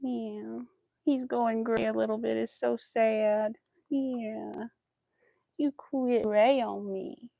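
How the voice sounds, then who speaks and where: A woman with a slightly high voice and a gravelly fry, talking casually as a crochet vlogger. She slips into cooing baby talk with her dog. The sound is close and dry. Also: dark tone, dry recording.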